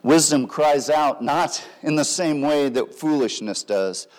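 A man preaching a sermon, swinging between loud emphatic lines and soft, quiet drops. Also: fairly high pitch, measured pace. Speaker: pastor.

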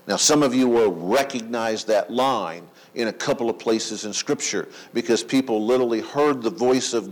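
Slow, emphatic male preacher. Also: mid-range voice, poor audio. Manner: slow, emphatic preaching with dramatic pauses and rhetorical questions. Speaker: pastor. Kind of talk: sermon.

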